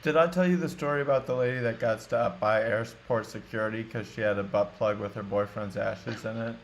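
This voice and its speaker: A man's voice: lowish voice, steady tone, fairly quick, a little hiss or hum. A man hosting a podcast, laid-back and profane, often saying dude and man. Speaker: podcast host. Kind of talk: casual podcast chat.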